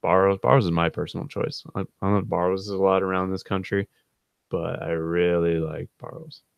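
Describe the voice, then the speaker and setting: A man's voice: low-pitched, level tone, brisk, creaky, clear, resonant tone, no room sound, dull audio. A man in his thirties hosting a live stream, rambling through funny stories about a friend, laughing often and quoting people in a raised voice. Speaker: channel host. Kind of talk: casual storytelling on a live stream.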